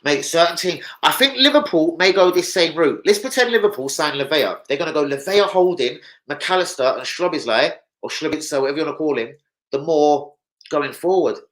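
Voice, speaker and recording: Bright-voiced football streamer. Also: male voice, a little high, brisk, low-quality recording. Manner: swearing, rambling, fan shout-outs. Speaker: football channel host. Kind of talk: casual livestream chat.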